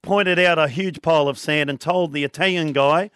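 A playful man with a high voice banters and tells jokes on a sports radio show. His manner is light and jokey. The sound is dry and close to the mic. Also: normal speed, a bit bright, smooth, no room sound. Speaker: co-host.

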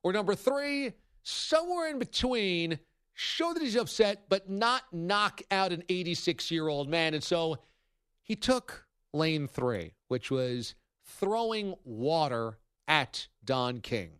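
Man, sports radio host, wry storytelling, fairly high voice, dry close studio sound. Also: animated, slow, fairly bright tone, clear, resonant tone, no echo. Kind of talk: sports talk radio monologue.

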